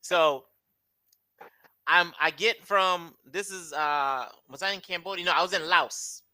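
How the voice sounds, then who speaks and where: An American man and English teacher chatting over a video call, telling animated travel stories with frequent laughs. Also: high-pitched, measured pace. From United States. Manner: animated storyteller, laughs often, acts out voices. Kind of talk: casual video-call conversation.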